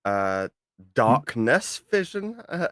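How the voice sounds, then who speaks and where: A man's voice: medium pitch, big pitch swings, takes it slowly, a bit bright, no room sound, studio quality. A man playing in a tabletop game, loose and joking, chuckling between words. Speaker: player. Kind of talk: casual chat during a tabletop game.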